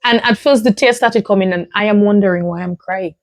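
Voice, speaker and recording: A woman hosting her own podcast, telling a personal story in an animated, emphatic way, often breaking into laughter. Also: mid-range voice, a little fast, no room sound. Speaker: podcast host.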